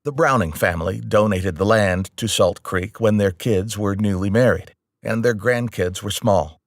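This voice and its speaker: A man narrating a novel in the first person at a steady, measured pace. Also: on the low side, no echo, studio quality. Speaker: audiobook narrator.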